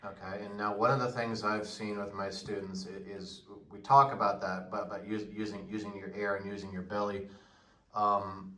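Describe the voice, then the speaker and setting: A man's voice: lowish voice, little pitch movement, moderate pace, sharp tone. A man, a music teacher, asking a flute teacher questions in a conversational way. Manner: conversational, asks follow-up questions. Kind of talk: instructional interview. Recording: distant, echoey room.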